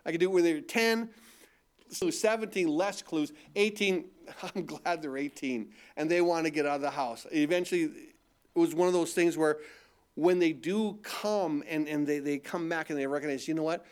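Male preacher, high voice, animated, plays out quotes in changing tones. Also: moderate pace, clear, resonant tone. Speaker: pastor. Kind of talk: sermon.

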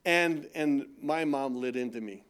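A man's voice: medium pitch, a little slow, fairly bright tone, clean tone. A middle-aged man preaching a sermon in a conversational way, asking rhetorical questions and often repeating words. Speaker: pastor.

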